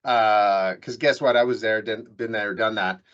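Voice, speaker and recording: A man's voice: lowish voice, fairly even intonation, measured pace, a bit bright, lo-fi sound. A man hosting a business podcast, telling stories in a loose, jokey way with many restarts. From Canada. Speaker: podcast host. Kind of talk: casual business interview chat.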